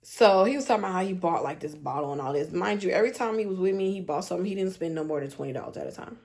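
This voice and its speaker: A young adult woman telling a storytime vlog in an animated, slangy, exasperated way. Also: fairly low pitch, very fast. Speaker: vlogger.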